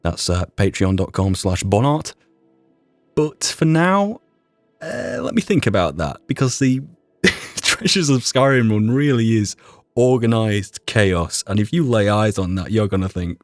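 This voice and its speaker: This podcast host and mod creator from Yorkshire, England looks back casually on things in his broad accent, wandering off topic, running himself down and swearing a little. His fairly low voice is expressive and measured, recorded dry over soft background music.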